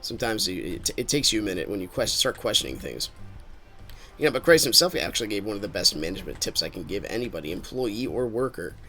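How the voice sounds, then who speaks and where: A man's voice: on the low side, very animated, fast talker, pushed and bright, soft background music. A man streaming a game with casual commentary, rambling and thinking aloud as he drifts into musings.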